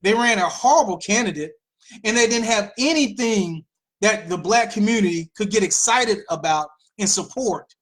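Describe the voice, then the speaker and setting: A woman hosting a political commentary show, talking in an animated way with mocking asides and repeated phrases. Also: mid-range voice, normal speed. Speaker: host.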